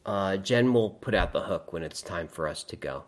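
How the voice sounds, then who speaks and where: His voice sits low, with lively intonation at a normal pace, as this man reads his chat aloud during a relaxed livestream. Wry, rambling asides come often, and he tends to laugh at his own jokes.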